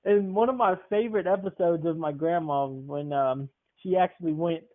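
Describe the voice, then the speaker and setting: A man's voice: on the high side, normal speed. A man co-hosting a podcast who tells a comic story in a rambling way and laughs often. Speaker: podcast co-host. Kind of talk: comedic storytelling. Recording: tinny phone-like sound.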